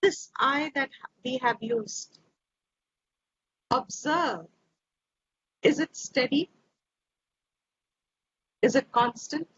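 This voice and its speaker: A woman teaching scripture slowly and reflectively, repeating her phrases, over a video call. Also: sits high, a bit bright. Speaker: Vedanta teacher. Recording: dull lo-fi audio with faint hiss.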